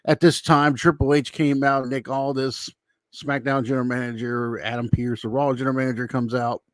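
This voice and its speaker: A man's voice: mid-range voice, level tone, normal speed, dry recording, clean studio sound. A man giving a casual, rambling spoken recap with his opinions, acting out quotes as he tells them. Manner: loose, rambling retelling, acts out quotes. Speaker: YouTube commentator.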